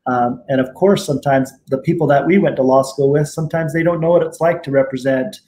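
A middle-aged attorney and tribal judge, appearing as a guest in a casual interview, speaks fast in a voice a little high for a man. Relaxed and rambling, he wanders through his stories with plenty of fillers and restarts, while a faint hiss sits in the background.

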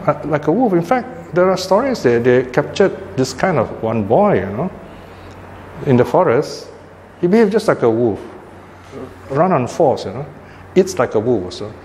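A man's voice: a little high, sing-song, normal speed, darkish tone. An older man, giving an informal Buddhist dharma talk in a conversational manner and checking in with "you know" and "right?". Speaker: Buddhist teacher. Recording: hall reverb, faint ambient noise.

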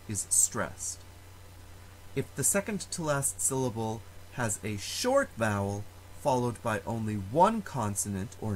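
A man teaching a Latin lesson, explaining stress rules slowly and carefully and sounding out example words. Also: medium pitch, slight background noise, rough recording. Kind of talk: recorded lecture.

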